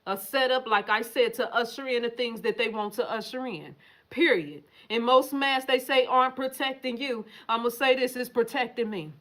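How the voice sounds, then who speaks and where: On her laid-back stream, a woman works through viewer comments and fires back swearing, emphatic answers directly to the audience. Her voice is on the high side and fairly bright, at a normal pace.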